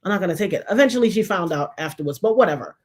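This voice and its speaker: A woman's voice: on the low side, lively intonation, very fast, darkish tone. A woman, telling a personal story dramatically, acting out the voices of the people she quotes and repeating lines for emphasis.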